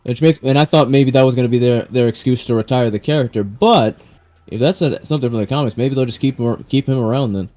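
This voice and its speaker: A man hosting a stream chats casually, rambling about comic films with plenty of restarts and swearing. His voice is medium in pitch and darkish in tone, and he talks at a quick pace over faint background music.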